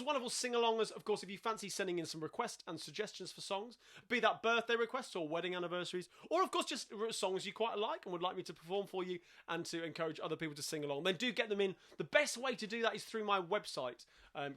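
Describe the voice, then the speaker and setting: A man's voice: high voice, a bit bright. A man with a London Cockney accent hosting a live-streamed sing-along, chatting casually between songs with lots of fillers and restarts.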